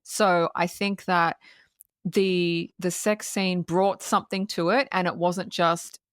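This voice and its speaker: A woman co-hosting a podcast in casual film-review chat, retelling scenes in an animated way with frequent laughs and swearing. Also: fairly low pitch, slow, dry recording, clean studio sound. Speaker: podcast co-host.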